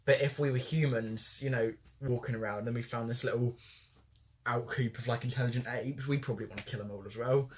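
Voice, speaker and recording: A man's voice: medium pitch, steady tone, brisk. A young man co-hosting a casual film podcast, rambling with many restarts. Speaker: podcast co-host.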